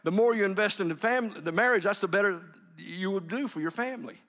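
A man's voice: high-pitched, fast, fairly bright tone, in a large hall. A man preaching a sermon in a folksy, joking way, often laughing and acting out quotes. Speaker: pastor.

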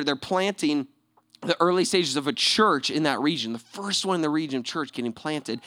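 A male pastor telling a story in a sermon, laughing often and acting out the lines of the people in it. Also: a little high. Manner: animated, laughing, acts out quotes.

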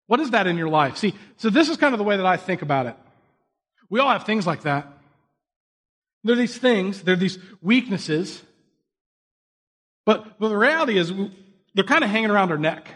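He preaches in a high voice at a moderate pace, pausing often. The tone stays relaxed and talky as he tells self-deprecating stories and questions his listeners directly.

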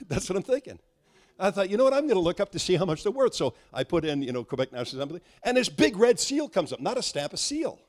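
A middle-aged man preaching a sermon, telling a story and acting out the dialogue, with frequent restarts. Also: on the high side. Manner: animated, acts out dialogue, restarts often.

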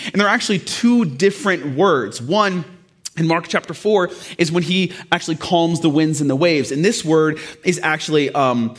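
A young man preaching a sermon, casual and self-deprecating at first, building to fervent emphasis. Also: sits high.

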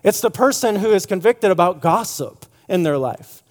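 A man's voice: high-pitched, animated, normal speed. A man preaching a sermon in a loose, conversational way, with many fillers and restarts. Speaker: pastor. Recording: long hall reverb.

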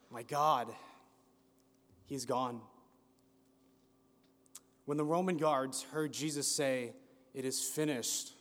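Man, preacher, slightly higher voice, dramatic sermon, very slow delivery. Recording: long hall reverb.

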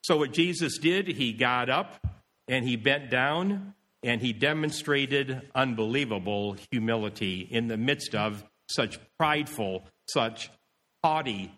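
A man's voice: mid-range voice, unhurried, a bit bright, big-room sound. A man preaching a sermon as pastor, emphatic and repeating his key phrases.

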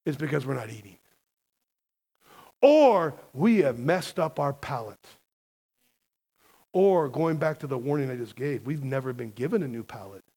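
A man's voice: mid-range voice, animated, moderate pace, pauses often, dark tone. A man preaching a sermon as a pastor, emphatic and conversational, often asking the congregation questions.

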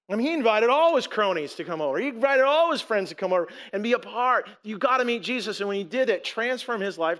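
A pastor in his forties preaches to his congregation in a church. His voice sits high and sounds bright and forceful. He speaks earnestly, repeating and restarting phrases and slowing down to stress key words. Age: 40s. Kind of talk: sermon. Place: church sanctuary with rows of seats.

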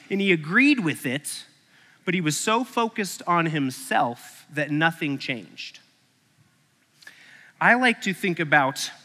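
High, bright-voiced male preacher. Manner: animated, acts out stories. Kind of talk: sermon with storytelling. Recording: echoey hall.

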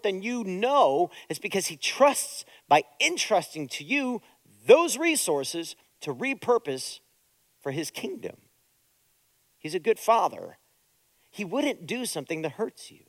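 High-voiced pastor preaching. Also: male voice, no echo. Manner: preaching with strong swings between soft prayer and loud urging. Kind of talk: sermon.

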